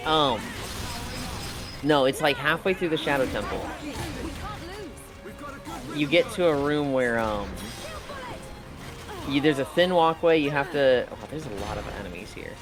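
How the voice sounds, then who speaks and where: A man's voice: on the high side, unhurried, long pauses, over music. A man chatting casually while playing a game, telling rambling stories and acting out his friends' lines. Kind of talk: casual gaming chat.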